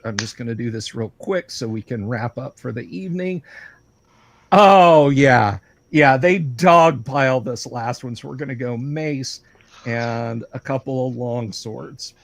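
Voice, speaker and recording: A man running a tabletop game as game master on a livestream, talking in a relaxed, rambling way full of ums and uhs. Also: mid-range voice, dry recording.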